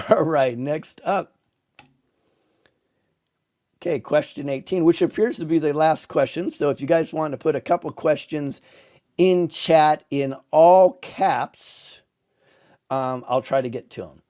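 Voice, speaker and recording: A man hosting a livestream Q&A, telling a joke with lively voices, then answering a viewer question in a halting, emotional way. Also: fairly high pitch. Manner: animated storyteller, halting and emotional when moved. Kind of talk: casual livestream Q&A.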